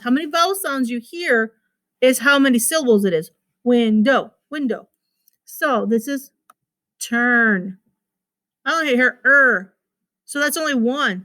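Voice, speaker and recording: A woman teacher with a high, slightly bright voice gives a recorded phonics lesson to children. She patiently repeats words and sounds out their syllables.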